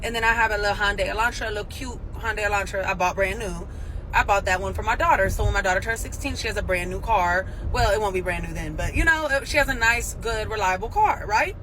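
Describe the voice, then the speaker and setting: A woman with a medium-pitched voice chats through a casual storytime, explaining step by step and tossing in tag questions. Faint outdoor and traffic noise runs underneath. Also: fast talker, a bit bright, low-quality recording.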